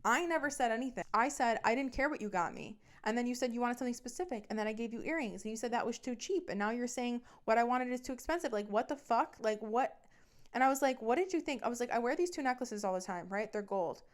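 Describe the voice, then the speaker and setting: A woman's voice: a little high, animated, fast. A young woman in her twenties hosting a podcast, telling a personal story in a swearing, exasperated rant and acting out both sides of the arguments. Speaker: podcast host.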